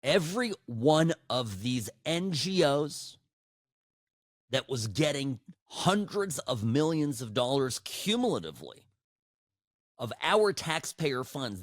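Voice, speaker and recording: Animated, sarcastic male podcast host. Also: medium pitch, slow, dry recording, studio quality. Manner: animated, sarcastic, frequent restarts. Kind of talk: political commentary. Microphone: studio microphone.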